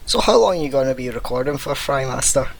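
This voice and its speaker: A man's voice: medium pitch, creaky, no room sound, poor audio. A Scottish man with an East Lothian accent chatting casually with friends, joking and teasing. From Scotland. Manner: jokey, teasing, bursts into silly sung bits. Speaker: friend in group voice chat. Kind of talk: casual chat.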